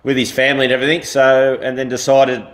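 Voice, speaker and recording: A man, a head lifeguard talking in a halting casual way with many pauses. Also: mid-range voice, monotone, a bit bright. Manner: halting, lots of fillers. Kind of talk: casual chat.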